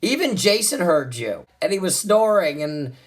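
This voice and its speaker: A man doing a stand-up routine, animated and exasperated, with crude punchlines. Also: high-pitched, moderate pace. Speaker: stand-up comedian.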